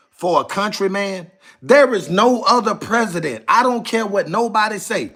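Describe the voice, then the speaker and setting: High-voiced man ranting on a live stream. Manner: animated, preachy, repeats himself, slangy street talk. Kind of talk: casual political rant on a live stream.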